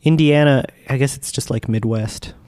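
A man's voice: mid-range voice, normal speed, darkish tone, clear, resonant tone, no echo. A man co-hosting a casual podcast, playful and goofy, laughing easily. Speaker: podcast co-host. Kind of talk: casual chat.

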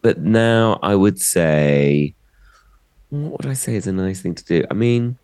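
Middle-aged guy comedian on a podcast, really low voice that bounces all over, gossipy and playful. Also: lively intonation, a little slow, a little mellow, smooth. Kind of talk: casual chat.

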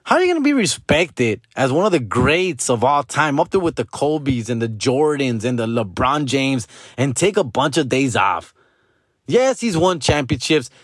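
A man rants about sports to his viewers, swearing and peppering his talk with slang like dog and fool. His pitch swoops up and down in lively bursts. The sound is dry and close, with no room echo. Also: moderate pace, breathy edge. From Los Angeles. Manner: profane, slangy, keeps calling the listener dog and fool. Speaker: sports fan vlogger. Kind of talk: casual ranting monologue.

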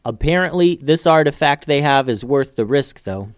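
A man's voice: on the high side, lively intonation, moderate pace, no room sound, clean studio sound, natural voice. A man voicing a cheerful young ninja in a storybook who loves telling puns. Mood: calm. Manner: upbeat, joking.

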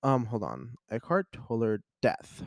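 A young man chatting casually on his own as a podcast host, rambling, excitable and often cutting himself off mid-thought. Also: mid-range voice, a little slow, gravelly, dry recording, studio quality. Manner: rambling, self-interrupting, excitable. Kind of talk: casual solo chat.

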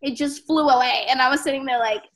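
A woman's voice: high-pitched, quick pace, a bit bright. A young woman telling stories as a podcast guest, chatty and giggly, full of "like". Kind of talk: casual storytelling.

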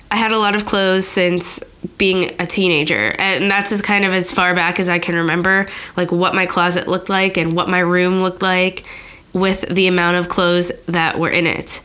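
A woman's voice: mid-range voice, a bit bright. A woman in her thirties hosting a casual podcast, talking in a chatty, candid way, her voice a little nasal from a cold. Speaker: podcast host.

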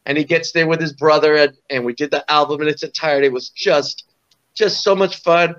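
A man's voice: on the high side, fairly even intonation, brisk, a bit bright, clear, resonant tone, muffled recording. A man in his sixties from Southern California, a guest musician telling stories in a rambling way, full of "you know" and restarts. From Orange County, California. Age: 60s. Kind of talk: casual storytelling interview.

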